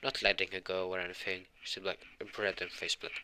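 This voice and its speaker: A young man improvising a fan story, halting and rambling with many fillers. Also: low voice, level tone, sharp tone.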